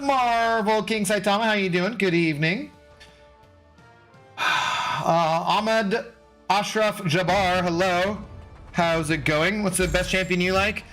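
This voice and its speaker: A man's voice: high-pitched, slow pace, fairly bright tone, faint music behind. A man in his forties from Washington State, hosting a livestream and chatting casually with viewers, loose and profane, laughing often. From Washington State, USA. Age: 40s. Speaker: livestream host reading chat. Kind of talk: casual chat.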